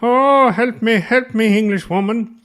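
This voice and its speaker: A man's voice: very high voice, measured pace, fairly bright tone, pitched above the performer's own voice. An Irish man voicing a helpless, whimpering country bumpkin in a whiny, pleading manner.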